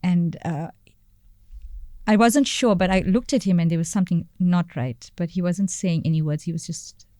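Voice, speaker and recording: A woman speaks as a podcast guest, her voice set a little low with a soft, mellow tone. She talks haltingly, often pausing to find the right word and repeating phrases. The recording is close and dry, with no room sound. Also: no echo. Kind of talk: personal story in a podcast interview.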